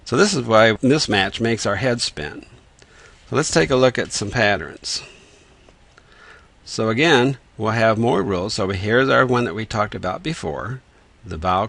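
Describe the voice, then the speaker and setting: Low gravelly man teaching reading. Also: a bit bright, no echo. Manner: patient, methodical, sounds out words slowly. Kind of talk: explanatory lesson with whiteboard.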